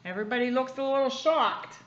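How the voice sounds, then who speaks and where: A high-pitched woman reads quickly from a picture book to a child, livelily pointing out the details in each picture. The recording is muffled.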